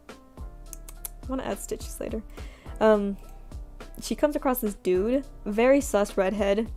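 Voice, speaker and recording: Her medium-pitched voice is creaky as this young streamer draws and talks casually. She rambles, makes fun of herself and uses plenty of fillers, with soft background music behind her.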